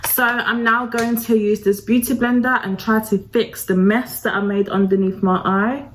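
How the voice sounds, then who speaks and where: A woman's voice: a little high, fairly even intonation, normal speed, rough recording. A woman talking through a makeup tutorial, chatty and self-deprecating, addressing her viewers directly. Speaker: beauty vlogger. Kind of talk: casual makeup tutorial talk.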